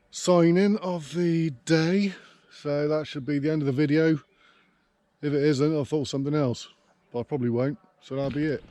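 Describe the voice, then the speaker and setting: Slow, mellow groundsman muttering. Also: fairly high pitch. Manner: dry, offhand, swears casually, mutters to himself. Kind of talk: casual work vlog commentary. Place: outdoors on a sports ground and in a tractor cab.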